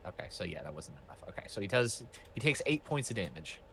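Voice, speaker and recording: A man's voice: low voice, sing-song, quick pace, creaky, background noise. A man running a tabletop game as game master, talking casually with many restarts.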